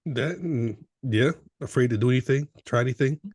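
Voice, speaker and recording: A laid-back man co-hosts a casual movie podcast in slangy, joking talk, laughing often. His voice sits at a middle pitch. The recording is dry, close to the mic. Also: brisk, a little mellow, no echo. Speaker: podcast co-host. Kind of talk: casual movie-review chat.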